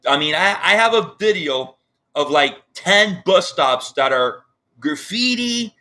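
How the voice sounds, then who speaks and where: A man with a high, bright voice hosts a live interview over a video call. He talks with heated passion, apologizing for getting emotional and circling back over his points. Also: expressive, slow. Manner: impassioned, upset, repeats himself. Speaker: online news show host.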